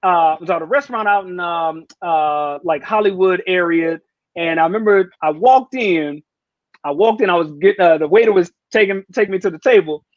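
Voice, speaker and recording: A man's voice: high-pitched, brisk, dry recording, muffled recording. Laid-back slangy man telling stories. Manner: laid-back slangy storytelling, acts out voices. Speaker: comedian guest. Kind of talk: casual storytelling chat.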